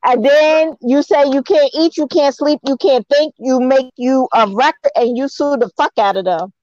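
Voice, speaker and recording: High-voiced, mocking woman, dry dull sound. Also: darkish tone, dry recording. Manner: quick, mocking, acts out what others say. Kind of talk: casual chat.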